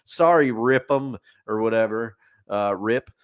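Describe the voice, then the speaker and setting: A man's voice: fairly low pitch, unhurried, clean tone. Easygoing male podcast co-host. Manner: easygoing, conversational, hedging with fillers. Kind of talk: casual podcast chat.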